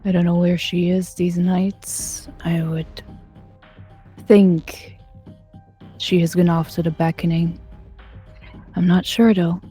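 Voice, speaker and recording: A woman doing a slow, dark-voiced vampire elder. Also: on the low side, slightly rough, soft background music. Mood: guarded. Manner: slow, measured, flat delivery.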